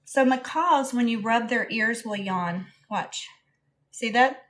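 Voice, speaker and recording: A woman's voice: on the high side, steady tone, takes it slowly, fairly bright tone. A young woman chatting casually on a live stream, cooing baby talk to her pet bird between answers to comments. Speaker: parrot owner live streamer.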